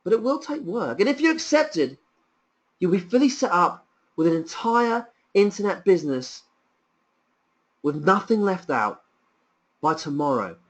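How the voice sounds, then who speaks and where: A man presenting a sales pitch on a webinar, enthusiastic and persuasive, piling up rhetorical questions. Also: big pitch swings, measured pace, pauses often, dull audio.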